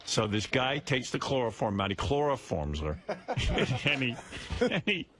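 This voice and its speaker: A man's voice: mid-range voice, wildly swooping pitch, measured pace, crowd noise. A male radio host in a studio, telling a crude, rambling story and often breaking into laughter.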